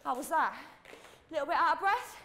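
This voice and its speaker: High-voiced woman coaching a workout. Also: lively intonation, a little fast, pushed and bright, slight background noise. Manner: urgent, counting down reps and pushing hard. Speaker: fitness instructor. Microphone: wearing a clip-on mic.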